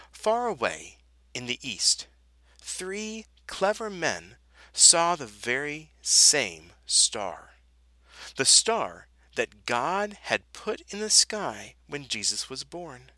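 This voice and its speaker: A man reads a children's Bible story aloud, taking his time and letting his voice rise and fall widely for drama. His tone is very bright and sharp, and the recording is close and dry with no room sound. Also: medium pitch, no room sound, poor audio. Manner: expressive, dramatic storybook delivery. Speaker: storybook reader.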